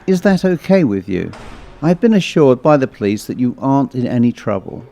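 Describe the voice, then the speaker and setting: Guy doing a kind soft-spoken nurse lady, reassuring, mellow tone. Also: mid-range voice, lively intonation, normal speed, natural voice. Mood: formal. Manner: soothing, reassuring. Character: friendly female nurse, gentle.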